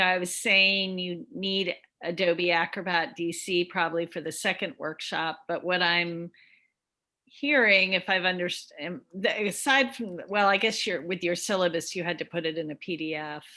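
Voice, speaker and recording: A woman's voice: lowish voice, normal speed, sharp tone. A woman who organized the workshop, asking a question over a video call and searching for her words as she frames it.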